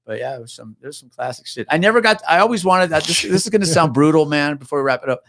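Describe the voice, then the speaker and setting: A man in his forties, a retired police officer, telling a profane, animated story as a podcast guest. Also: on the high side, fast, creaky, slight background noise. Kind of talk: casual storytelling chat.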